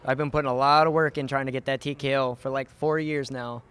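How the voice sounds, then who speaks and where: A man's voice: medium pitch, level tone, fast, a bit bright. A young man, a fighter, explaining his win in a plain, matter-of-fact way in a post-fight interview.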